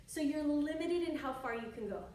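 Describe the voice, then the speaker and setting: A woman's voice: high voice, animated, moderate pace, darkish tone. A woman teaching a stretching and yoga lesson while demonstrating, chatty and encouraging, slightly out of breath. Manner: chatty and encouraging, thinks aloud with asides. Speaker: yoga and fitness instructor. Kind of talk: instructional demonstration while exercising. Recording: echoey room, distant mic, faint hiss.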